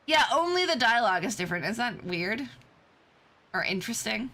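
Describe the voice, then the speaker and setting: Bright, chatty young woman streamer. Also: on the high side, brisk. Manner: chatty and excitable. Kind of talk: casual commentary over gameplay.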